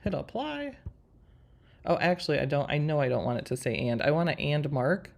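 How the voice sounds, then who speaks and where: A low-voiced woman in her forties talks quickly with vocal fry as she hosts a live craft design stream. Sharing her screen, she works through a tutorial and chats with viewers in a friendly way.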